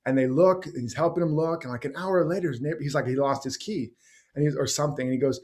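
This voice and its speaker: A man's voice: mid-range voice, fast talker. A man being interviewed as a guest teacher, talking passionately and rambling through stories and examples. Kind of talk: conversational interview.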